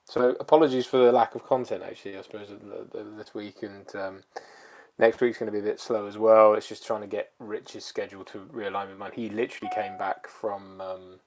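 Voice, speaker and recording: A man chats casually on a livestream, his voice sitting a little low. He rambles loosely with plenty of fillers. He sounds a bit lethargic as he catches his viewers up. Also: brisk. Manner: relaxed, rambling, many fillers. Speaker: channel co-host.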